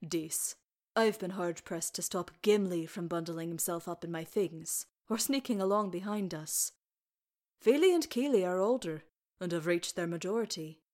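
A woman's voice: fairly low pitch, normal speed, a little mellow, lightly acted. A woman doing Oin, a kindly old dwarf. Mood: kindly, stubborn. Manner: folksy, homely speech with lass and laddie. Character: old deaf male dwarf healer, kindly and stubborn.

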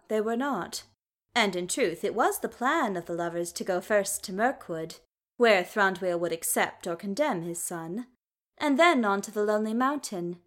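A woman narrating a story aloud in a calm, measured storytelling manner. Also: mid-range voice. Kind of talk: audiobook narration of fan fiction.

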